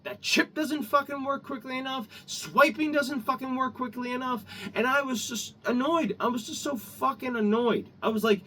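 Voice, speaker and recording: A man's voice: extremely high pitch, big pitch swings, normal speed, hardly any pauses, a bit bright, slightly rough. A man ranting in a vlog, heated and rambling, swearing often. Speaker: vlogger. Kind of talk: angry opinion rant. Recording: distant mic, faint ambient noise.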